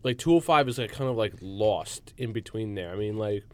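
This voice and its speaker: A man's voice: on the low side, animated, normal speed. Rambling young male co-host. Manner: enthusiastic, rambling, lots of fillers. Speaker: radio show co-host. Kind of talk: casual sports talk radio. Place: college radio studio.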